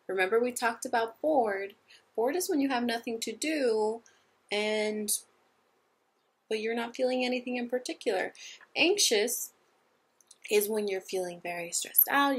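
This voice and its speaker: A woman teacher giving a gentle, patient lesson to young children, asking them simple questions. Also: fairly high pitch, breathy edge.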